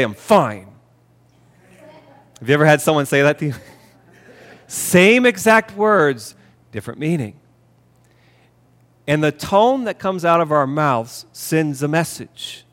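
A man preaching a sermon as a pastor, speaking earnestly and repeating key phrases for emphasis. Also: fairly high pitch. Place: church sanctuary. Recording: long reverb of a church hall. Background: hall reverb.

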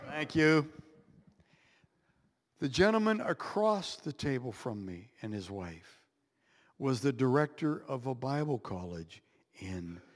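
A man telling a personal story as a sermon, animated, with dramatic pauses and playful sound effects. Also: high voice. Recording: echoey hall with long reverb.

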